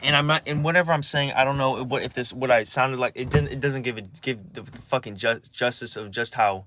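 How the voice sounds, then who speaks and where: A man's voice: mid-range voice, fairly quick, few pauses, bright, forceful tone, no echo. A young man speaking in a personal confessional vlog, agitated and rambling, swearing often and restarting his sentences again and again.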